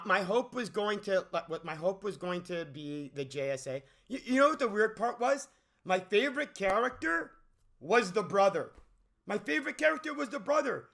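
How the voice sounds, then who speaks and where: A man with a high, gravelly voice rants about a movie off the cuff. He sounds bright and edgy as he rambles, stammers and restarts, and he keeps asking incredulous questions. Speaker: movie commentary channel host. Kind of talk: unscripted movie rant.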